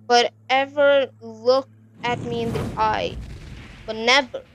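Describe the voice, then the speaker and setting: High-pitched, swearing horror gamer woman. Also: fairly even intonation, slow pace, fairly bright tone, a little hiss or hum. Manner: swears a lot, jumpy and rambling. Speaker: gaming channel host. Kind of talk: horror game commentary.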